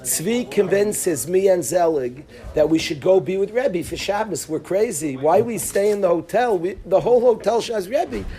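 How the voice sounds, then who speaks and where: A middle-aged man, a rabbi, telling a personal story to his class in a lively way, with asides, restarts and chuckles. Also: sits high, moderate pace, hardly any pauses. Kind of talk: animated storytelling to students.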